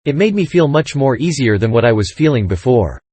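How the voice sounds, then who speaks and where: A man's voice: medium pitch, brisk. A man narrating a first-person novel in a folksy storytelling manner. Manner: folksy storytelling with lively dialogue. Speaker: audiobook narrator.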